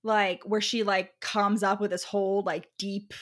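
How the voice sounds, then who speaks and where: A woman's voice: medium pitch, flat delivery, measured pace. A young woman co-hosting a podcast, chatting casually and easygoing, with lots of fillers and laughs. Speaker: podcast co-host. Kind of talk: casual chat discussing a romance book.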